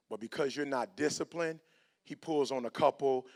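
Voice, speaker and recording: A man's voice: medium pitch, moderate pace, vocal fry. A middle-aged man, giving a preacher-style motivational talk and acting out both sides of his stories. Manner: animated, acts out both sides of stories in quoted voices. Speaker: motivational speaker.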